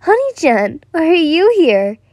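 A woman's voice: on the high side, measured pace, warm tone, no room sound. A woman voicing a young boy who is eager and clingy, with a cold possessive streak. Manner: eager, pleading, childlike.

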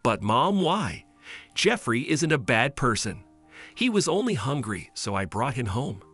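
A man's voice: mid-range voice, big pitch swings, a little slow, fairly bright tone, breathy edge, faint music behind, full character voice. A man voicing a sweet, sad little girl who talks in an earnest, pleading way.

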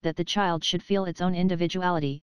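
A woman's voice: fairly low pitch, fairly even intonation, fast, clean tone, no echo, muffled recording, lightly acted. A woman reading the part of a cold, condescending husband who speaks in a derisive, offhand way.

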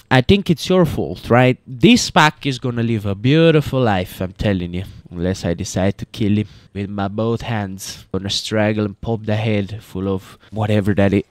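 A man rambles through casual gameplay commentary, cracking jokes and chatting to his viewers as he goes. His voice sits in an ordinary middle pitch. It is recorded close and dry, with no room sound. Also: smooth, dry recording. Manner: joking, rambling, talks to viewers as boys. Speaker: gaming YouTuber.

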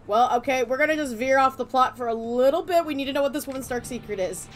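A woman with a notably high voice talks over her gameplay in casual commentary. She jokes and riffs playfully with a friend while pushing through the plot. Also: quick pace, hardly any pauses, slight background noise. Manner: playful, joking banter. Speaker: let's play host.

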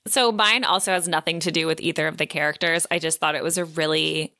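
A woman's voice: sits low, fairly even intonation, quick pace, sharp tone, dry recording, studio quality. A woman co-hosting a book podcast, chatting casually with lots of "like" and frequent laughs. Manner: chatty, many "like" fillers, laughs often. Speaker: podcast co-host.

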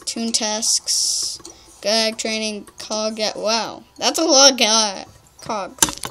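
A woman's voice: on the high side, fairly bright tone. A young woman giving chatty, rambling let's-play commentary, full of "like". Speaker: gamer.

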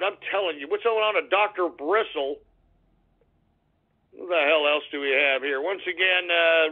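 A Texan man hosting a call-in internet radio show, ranting abrasively, cursing and yelling at trolls. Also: a little high. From Texas. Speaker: radio talk show host. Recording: tinny phone-like internet radio audio.

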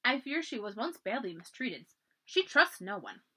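A woman's voice: a little high, sing-song, normal speed, bright, forceful tone, full character voice. A woman voicing a blunt, hearty older colonial horse trader in a storybook reading, speaking plainly and firmly. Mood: earnest.

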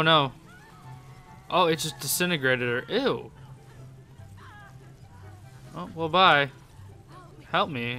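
A young man giving excitable gameplay commentary, laughing often and yelping in surprise. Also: a little high. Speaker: gaming YouTuber.

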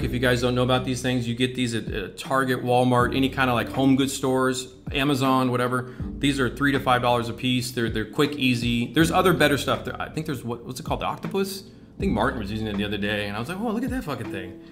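A man's voice: medium pitch, fast talker, fairly bright tone. A man from the United States running a casual livestream painting demo, rambling and chatty, with casual swearing. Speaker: scale-model painting instructor. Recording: music playing clearly behind the voice. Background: music.

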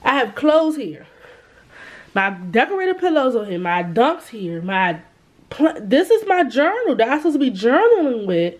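A woman's voice: fairly high pitch, big pitch swings, normal speed. A woman in her twenties, chatting casually to her camera as a vlogger, full of fillers and asides to viewers, first in a store and then in her bedroom. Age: 20s. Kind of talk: casual vlog chat to camera. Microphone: camera held or set up by herself.

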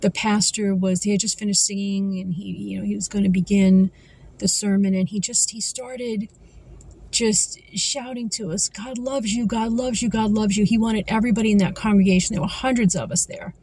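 A woman giving an earnest devotional talk as a Christian vlogger, reading scripture slowly and carefully. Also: medium pitch, fairly even intonation, darkish tone, breathy edge, poor audio.

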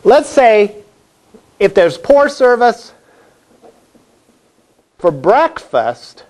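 Lively male college instructor lecturing. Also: sits high, extremely slow. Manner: conversational, asks the class questions. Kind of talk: classroom lecture. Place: classroom.

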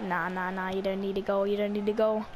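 A young woman playing a football video game against a friend, trash-talking with cocky, excitable banter and frequent stammered restarts. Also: mid-range voice, fast talker, background noise. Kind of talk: casual gaming chat.

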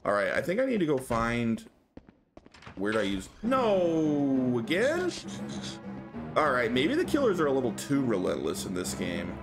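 Animated male streamer, lively pitch. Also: fairly quick. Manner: reacts aloud to the game and chats with viewers. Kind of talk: live gameplay commentary. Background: game music.

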